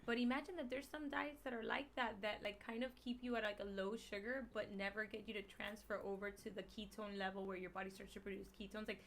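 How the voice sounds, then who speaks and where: A woman with a Miami Spanish-English accent, a guest explaining diet in a casual podcast chat, animated and emphatic with slang. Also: medium pitch, quick pace, few pauses, a little hiss or hum. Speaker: guest, keto meal business owner.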